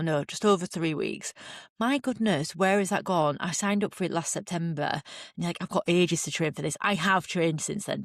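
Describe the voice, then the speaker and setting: A woman's voice: lowish voice, no room sound, clean studio sound. A British woman hosting her own podcast as a fitness coach, chatting casually and rambling off on tangents. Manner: chatty, rambling, digressive, upbeat. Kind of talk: casual solo podcast chat.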